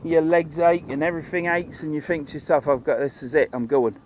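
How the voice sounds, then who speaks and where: A man's voice: fairly high pitch, steady tone, fairly quick, a little mellow, dull audio, a little hiss or hum. A man with a Norfolk accent, chatting casually to camera while fishing outdoors, rambling in broad dialect. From Norfolk, England. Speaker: fishing vlogger. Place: outdoors by the water.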